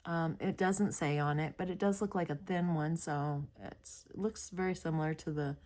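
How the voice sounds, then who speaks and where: A woman's voice: sits low, fairly even intonation, moderate pace, darkish tone. A woman hosting a crafting video, rambling chattily about a kit with many hesitations while yawning and sleepy. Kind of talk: casual product review chat.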